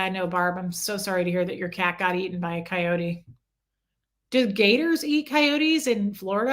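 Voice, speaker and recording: A woman's voice: mid-range voice, pushed and bright. A middle-aged woman hosting a casual livestream, chatting and answering viewer comments by name. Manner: coos baby talk at her small dog.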